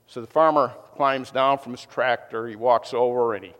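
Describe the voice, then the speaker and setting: A man preaching a sermon to his congregation, telling a joke with lively energy and sometimes repeating words as he builds up. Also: mid-range voice, moderate pace. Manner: lively storytelling, repeats words when excited. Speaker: pastor. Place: church sanctuary. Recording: long reverb of a large hall.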